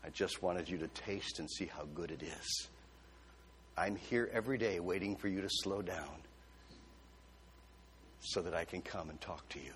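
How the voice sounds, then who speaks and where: A man voicing a hushed, gentle God. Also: moderate pace, pauses often, slight background noise. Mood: tender. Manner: soft, low, tender. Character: gentle voice of God speaking to him. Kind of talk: sermon storytelling.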